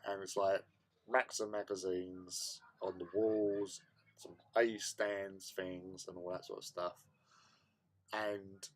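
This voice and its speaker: A man, hosting a casual hobby stream, tells a story with lots of laughter and stammered repeats. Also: on the low side. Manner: animated, laughs often, stammers and repeats words. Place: home hobby room.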